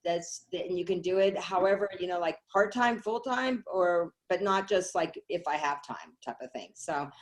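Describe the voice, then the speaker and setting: A middle-aged woman telling a personal story on a call, animated, acting out what others said. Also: lowish voice. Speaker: network marketing speaker.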